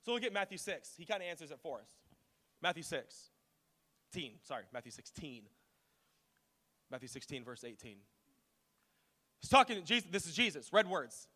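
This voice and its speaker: A man's voice: on the high side, sing-song, a little fast, long pauses, bright, forceful tone. A man in his thirties preaching a sermon as pastor, casual and joking, often poking fun at himself. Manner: casual, joking, self-deprecating. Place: large church auditorium. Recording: long hall reverb with faint music.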